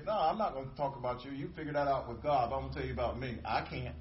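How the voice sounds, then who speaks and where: Male pastor, sermon delivery, emphatic with repetition, a touch high-pitched, lo-fi room recording. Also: fast talker, hardly any pauses, roomy sound, far from the mic, a little hiss or hum. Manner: emphatic preaching with repetition and call-and-response.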